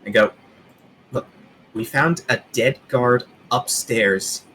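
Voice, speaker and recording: A man's voice: medium pitch, slow pace, bright, forceful tone, slight background noise. A man playing in a tabletop game, speaking hesitantly, heard from a distance. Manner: hesitant, tentative. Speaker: player.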